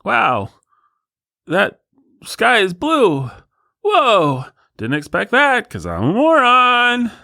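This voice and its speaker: A man's voice: high-pitched, huge pitch swings, drawn-out words, vocal fry, pushed and bright, dry recording, studio quality, pitched above the performer's own voice, full character voice. A man voicing a dim-witted adult man, talking in a sing-song tone of gaping wonder. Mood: awed.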